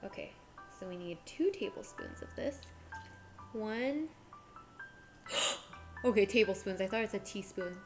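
A woman's voice: medium pitch, animated, unhurried, pauses often. A woman streaming herself cooking, chatting casually with her viewers and narrating each step. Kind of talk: casual live-stream chat while cooking. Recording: background music clearly audible.

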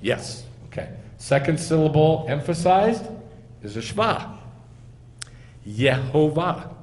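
A man's voice: a little high, sing-song, a little slow, a little mellow. A man, a rabbi, giving a teaching sermon, explaining step by step and quizzing his listeners. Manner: explains step by step, asks the audience questions. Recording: echoey hall, faint noise.

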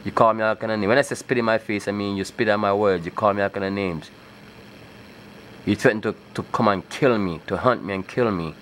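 A man's voice: fairly low pitch, fairly quick, a bit bright, slight background noise. A man speaking to his viewers in an emphatic, insistent preaching monologue. He often checks in with "okay?" and at times rises into scripture-like declamation. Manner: breaks into rising, scripture-like declamation. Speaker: video blogger.

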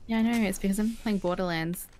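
A woman's voice: mid-range voice, fast talker, a little mellow. A woman playing a shooter game with friends, answering in short, nervous or blunt remarks. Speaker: gaming teammate. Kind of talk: casual gaming chat.

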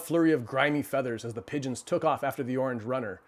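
A man hosting a livestream, reading a children's storybook aloud and then chatting with viewers in a relaxed, halting way. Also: mid-range voice, husky. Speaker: storyteller host.

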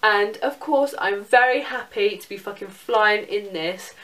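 A young woman chats through her shopping haul, excitable and full of swearing. Her voice sits at an ordinary pitch for a woman. She is a little away from the mic. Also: moderate pace, far from the mic, a little hiss or hum. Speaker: vlogger. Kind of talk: casual shopping haul chat.

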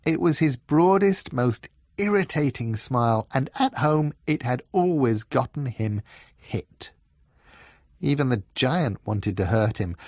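A man reading a children's story aloud, slow and dramatic. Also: mid-range voice, gravelly, darkish tone, dry recording, clean studio sound. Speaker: audiobook reader.

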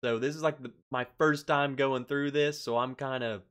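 A man's voice: medium pitch, steady tone, normal speed, a bit bright. A man hosting a casual livestream, reading out chat comments, laughing often and sounding stressed. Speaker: livestream host. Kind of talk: casual live-stream chat.

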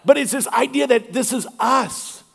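High-voiced man preaching in an echoing church. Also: vocal fry, slightly rough. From Louisiana, US. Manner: earnest preaching with drawn-out emphasis. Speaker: pastor. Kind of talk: sermon. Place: church sanctuary. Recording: long church hall reverb.

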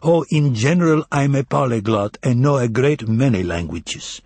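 A man voicing a mysterious foreign male professor, drawn-out and theatrical, with a husky voice. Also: medium pitch, animated, a little mellow, dry recording. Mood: grand. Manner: slow, drawn-out, grandly amused delivery.

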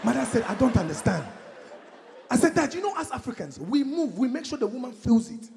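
A young man from Congo doing a stand-up comedy set, energetic, shouting punchlines and acting out his parents. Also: very high voice, brisk, creaky, some chatter behind. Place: comedy concert stage. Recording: live show in a hall with long reverb.

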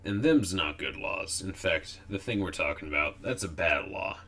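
A man's voice: sits low, lively intonation, normal speed, gravelly, bright, forceful tone, exaggerated voice. A man voicing a grumbling old female squirrel who rambles in folksy dialect. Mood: firm.

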